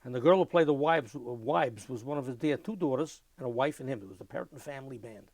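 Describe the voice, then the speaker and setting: An older man, telling lively anecdotes in an oral history interview and mimicking sounds as he goes. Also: medium pitch, fast, no room sound. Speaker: interviewee, musician.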